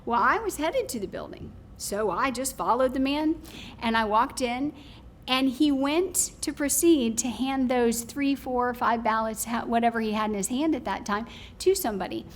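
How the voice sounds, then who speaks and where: A woman giving public comment at a county meeting, telling a story in a rambling, animated way with many fillers. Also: fairly high pitch, normal speed, slight background noise.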